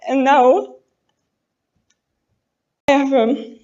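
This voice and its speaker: A woman in her twenties from France, a native French speaker with a French accent, giving an earnest, halting prepared speech as a pageant contestant and correcting herself as she goes. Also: high voice, a little mellow, lo-fi sound, slight background noise. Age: 20s. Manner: apologetic and earnest, halting English with self-corrections.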